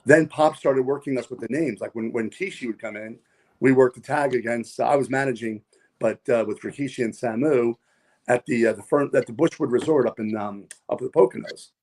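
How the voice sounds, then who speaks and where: A man with a brisk, darkish mid-range voice guests on a podcast, where he's introduced as a wrestler and pilot. He rambles through long stories in a casual interview, repeating words and using many fillers.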